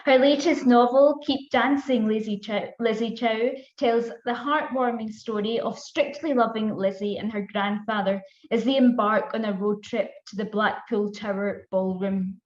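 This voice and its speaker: A woman's voice: on the high side, fairly even intonation, normal speed, hardly any pauses. A woman hosting an online event, reading a friendly scripted introduction with small slips. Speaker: event host. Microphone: video call. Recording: echoey, dull lo-fi video call audio.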